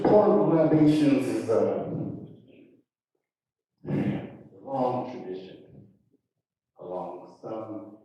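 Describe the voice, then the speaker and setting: A man tells a folktale and leads a libation ceremony with folksy call-and-response. His voice is mellow and dark and comes over loudspeakers. It is heard from far off in a very echoey, dull-sounding hall. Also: medium pitch, animated, very slow, pauses often. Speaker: storyteller leading a libation ceremony. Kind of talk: live storytelling with call-and-response. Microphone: handheld mic over a PA.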